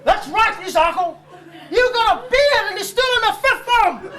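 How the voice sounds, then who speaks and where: Man doing a shrill bullying dad. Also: animated, moderate pace, background noise. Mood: hectoring. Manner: scolding, bullying, repeats "huh?" constantly. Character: stern shouting Samoan father, village chief. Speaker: comic stage actor. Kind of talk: live comedy skit.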